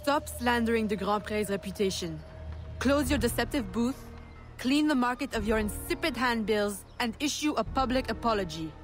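An actress playing a stern assassin heroine in a game, who gives orders in a cold, commanding way. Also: female voice, fairly high pitch, normal speed, soft background music, natural voice. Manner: commanding, coldly mocking.

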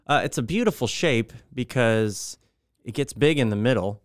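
Young male pastor, clear smooth tone, dry close sound, easygoing podcast banter. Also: medium pitch, normal speed, no room sound. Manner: relaxed, joking, hesitant with fillers. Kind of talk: casual podcast chat.

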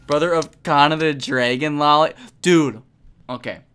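Swearing excitable young woman streamer. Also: sits low, slow, soft background music. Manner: profane, excitable, frequent shouting. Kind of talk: casual gameplay commentary.

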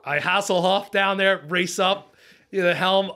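A man with a slightly high voice tells a fishing story in a casual podcast chat. He is animated and swears freely. He acts out what he and the others said. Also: moderate pace. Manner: animated, profane storyteller who acts out his own lines. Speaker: charter boat captain.

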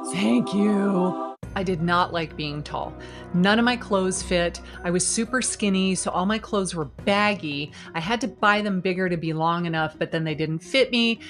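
A woman in her fifties, a video marketing coach, giving an energetic, emphatic and encouraging motivational talk straight to camera. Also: on the low side.

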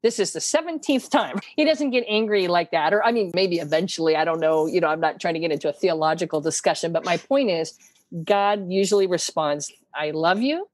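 A woman's voice: lowish voice, fairly quick, no room sound. A middle-aged woman telling stories in a conversational faith podcast, earnestly acting out the lines she quotes.

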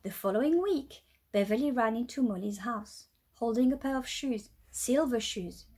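A woman teacher reading a children's storybook aloud, with a light British accent, in a lively storytelling way. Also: on the high side, normal speed, husky. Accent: British English.

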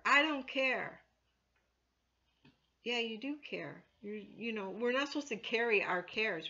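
Bright-voiced woman teaching scripture. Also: mid-range voice, muffled recording. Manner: conversational, many "you know" fillers, rises loudly when quoting scripture. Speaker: church elder teaching scripture. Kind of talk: informal Bible teaching.

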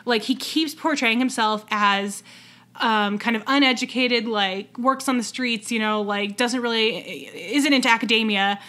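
A woman's voice: a little high, a little slow, bright, forceful tone. A woman co-hosting a podcast, chatting casually with many fillers and restarts. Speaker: podcast co-host. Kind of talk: casual chat.

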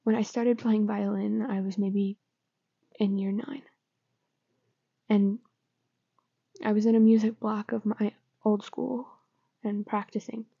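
A woman's voice: medium pitch, flat delivery, slow pace, vocal fry, long pauses, dark tone, husky, dry recording, dull audio, heavily acted. A woman voicing a shaky, upset teenage boy who mumbles and often whispers, in a whispered role-play. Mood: subdued.

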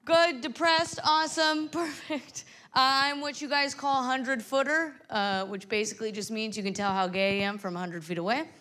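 A woman's voice: fairly high pitch, fairly even intonation, normal speed, hardly any pauses, fairly bright tone. Upbeat woman doing stand-up comedy. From Sacramento, California. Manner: upbeat, self-deprecating punchlines. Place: stage in a live comedy venue.

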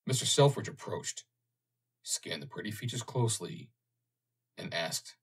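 Slow, low-voiced man narrating. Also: animated, husky. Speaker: audiobook narrator. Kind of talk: audiobook narration.

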